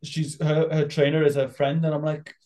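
A man with a fairly high voice co-hosts a casual coaching podcast. He tells stories in an exasperated tone and swears as he goes. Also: completely flat delivery, moderate pace, dark tone. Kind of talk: casual chat.

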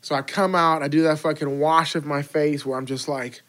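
A man telling a crude story as a podcast guest, casual and swearing, acting out people with sudden high yells. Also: moderate pace. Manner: animated, profane, acts out voices in high yells.

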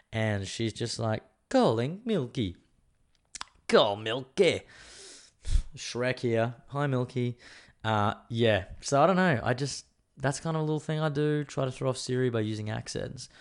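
Low-voiced man rambling on his show. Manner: rambling, candid and opinionated, many fillers. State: voice strained, worried about losing it. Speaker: podcast host. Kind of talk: casual solo show chat.

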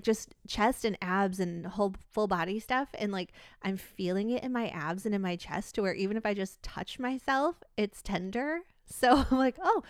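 A woman's voice: medium pitch, smooth, no echo, clean studio sound. A woman co-hosting a casual podcast, chatting in a rambling way and laughing often as she tells stories. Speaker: podcast co-host. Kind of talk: casual chat.

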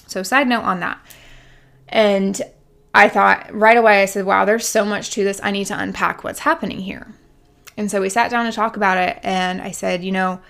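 A woman's voice: mid-range voice, creaky, fairly bright tone. A young woman, a life coach, telling a personal story in a candid, chatty way, full of "like" and "literally", with a laugh now and then. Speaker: life coach and podcast host. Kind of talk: casual storytelling monologue.

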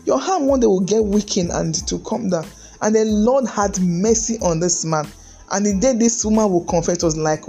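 A woman's voice: mid-range voice, lively intonation, normal speed, mellow, husky, faint music behind. A middle-aged woman, a lawyer giving an earnest, emphatic talk on marriage, often repeating words and throwing in "hey". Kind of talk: preachy motivational talk.

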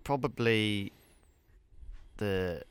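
A man co-hosting a casual comedy podcast, hesitant and halting, often restarting his sentences. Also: on the low side, a little hiss or hum. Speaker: podcast co-host.

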